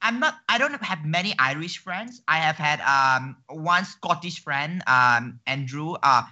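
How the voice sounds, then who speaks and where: A woman guest in a casual chat, animated and quick to exclaim and laugh. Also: deep voice, dull audio.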